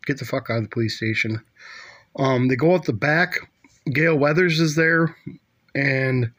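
A middle-aged man casually retelling a movie plot, rambling and swearing a lot, with plenty of fillers. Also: mid-range voice. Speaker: movie recapper.

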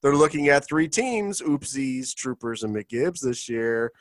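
A man hosting a casual, joking podcast about a fantasy league, quick to laugh. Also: mid-range voice, no room sound, clean studio sound. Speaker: podcast host.

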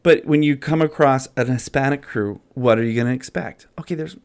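A man's voice: mid-range voice, fairly quick, gravelly, darkish tone, clear, resonant tone. Contractor guy, earnest, kinda rambly, keeps restarting. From Canada. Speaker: construction contractor. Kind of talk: casual podcast chat.

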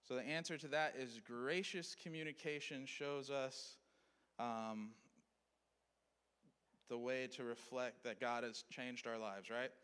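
A man's voice: medium pitch, steady tone, slow pace, a bit bright, clean tone. Male Bible teacher, casual lesson style, echoing hall sound. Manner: conversational, checks in with listeners.

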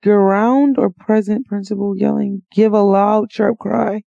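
A woman's voice: mid-range voice, fairly even intonation, a little slow, creaky, warm tone, dry recording. A woman co-hosting a podcast, pressing her partner with pointed questions and laughing often. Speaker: podcast co-host. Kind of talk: casual argumentative chat. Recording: dull, dry lo-fi mic.

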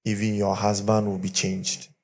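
A male pastor preaching to a church, telling stories with animated pidgin asides. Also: on the low side, normal speed. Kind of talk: sermon. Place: church with live and online congregation.

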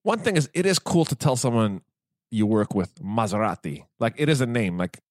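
A man's voice: mid-range voice, animated, normal speed, dry recording, studio quality. A young man co-hosting a casual podcast chat, full of laughing, teasing banter. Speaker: podcast co-host.

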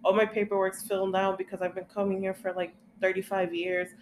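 A young woman talking casually with a co-host. She rants with plenty of swearing and slips into quick impressions of other people. A faint hiss sits under the recording. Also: mid-range voice, little pitch movement, darkish tone. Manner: profane, ranting, acts out quoted voices. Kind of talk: casual chat.

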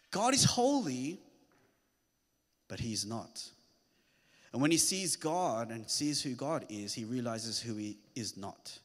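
A man's voice: medium pitch, a bit bright. A man preaching a sermon, earnest and rising to emphatic peaks. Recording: long hall reverb.

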